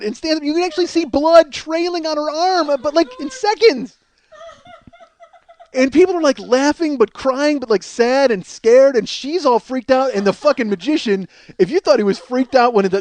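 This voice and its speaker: A man in his forties, a podcast host telling a comic story in a profane, animated way, often laughing, on a close podcast mic. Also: very high voice. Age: 40s. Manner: profane, animated, swears freely and breaks into laughter.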